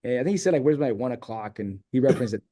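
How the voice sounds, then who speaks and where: Man telling a story, mellow voice. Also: medium pitch, rapid-fire. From San Diego, California. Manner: rambling, animated storyteller who acts out quoted dialogue. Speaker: interview guest. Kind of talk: casual storytelling interview.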